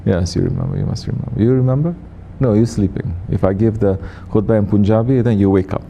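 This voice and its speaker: Low gravelly male sufi teacher. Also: fast, warm tone, dull audio, slight background noise. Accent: Turkish. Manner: questions the audience, teasing and repetitive. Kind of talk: teaching talk to a congregation.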